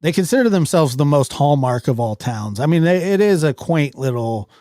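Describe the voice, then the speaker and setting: A man rambles through casual commentary on news clips, often restarting his sentences. His voice sits a little high. The sound is close-miked and dry. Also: lively intonation, moderate pace, mellow, no echo. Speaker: streamer reacting to news clips.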